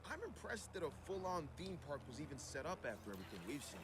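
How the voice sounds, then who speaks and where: A man's voice: fairly high pitch, very animated, quick pace, heavy background noise. An actor playing a practical, matter-of-fact male park engineer in a video game.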